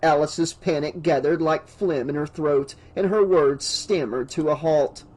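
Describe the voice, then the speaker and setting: A man reading a horror novel aloud as an audiobook narrator, in measured, dramatic narration. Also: fairly high pitch, a little mellow, poor audio.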